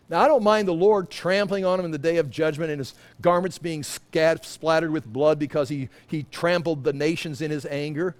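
A high-pitched male preacher teaching scripture in a loose, conversational sermon. He rambles, stops himself mid-thought and drops in joking asides. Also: moderate pace. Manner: rambling, self-interrupting, humorous asides. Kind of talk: informal sermon, Bible teaching.

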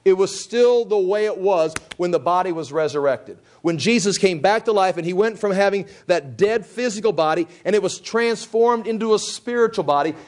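High-voiced man teaching scripture. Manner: retells scripture in his own words with restarts, briefly acting out the people's lines. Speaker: preacher teaching the Bible. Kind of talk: conversational Bible teaching.

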